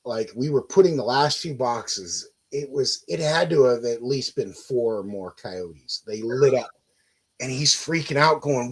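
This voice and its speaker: A middle-aged man with a husky, slightly breathy voice, chatting on a live stream. He tells his stories in long, meandering runs. He swears freely and backs up to restart his sentences. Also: medium pitch, measured pace, low-quality recording. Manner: rambling, profane storyteller, restarts often. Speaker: guest. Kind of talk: casual live-stream chat.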